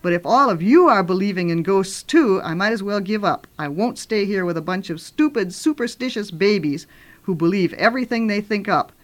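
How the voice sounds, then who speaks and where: A reader voicing an exasperated older sister, a girl who scolds the others in a shrill, bossy way. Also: animated, fairly quick, close to an everyday voice.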